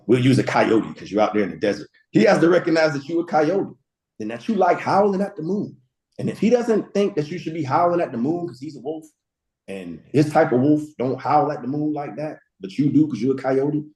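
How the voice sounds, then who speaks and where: Animated storytelling man, echoey room. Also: medium pitch. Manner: storytelling with slang, acts out quotes. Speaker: guest speaker. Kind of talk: animated motivational talk.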